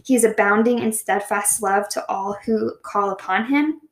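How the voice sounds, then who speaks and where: A woman leading a casual devotional Bible study, chatty and full of "like" fillers, reading the verses slowly. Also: mid-range voice. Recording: echoey room.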